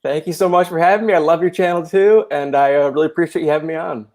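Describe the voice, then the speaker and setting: A man appearing as a guest on a video call, talking casually in an animated, opinionated way and often restarting his sentences. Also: on the high side, quick pace. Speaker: guest YouTuber. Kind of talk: casual chat.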